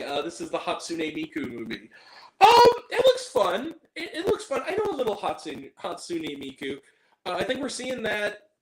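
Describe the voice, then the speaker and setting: A man hosting a casual movie review show, talking in an animated, joking way with mock-angry rants. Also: high-pitched, roomy sound, low-quality recording.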